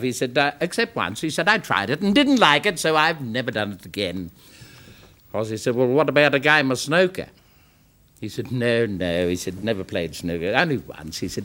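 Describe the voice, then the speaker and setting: A man's voice: mid-range voice, big pitch swings, normal speed, fairly bright tone. Laid-back Australian man telling a yarn. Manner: laid-back, folksy storyteller. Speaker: comedian telling jokes. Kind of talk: live TV joke telling. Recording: studio audience behind.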